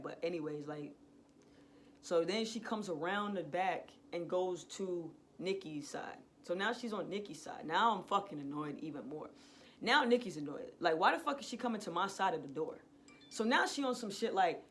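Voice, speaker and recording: A young adult woman vlogger in a casual storytime, retelling events in a profane, slangy, animated way. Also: lowish voice, brisk, slight background noise.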